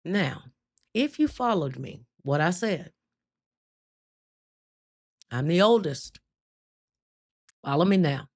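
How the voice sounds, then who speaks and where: A woman hosting a live stream, telling her testimony with emphatic, drawn-out storytelling and frequent laughter. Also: fairly low pitch, lively intonation, a little mellow. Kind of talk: spoken testimony to a live chat.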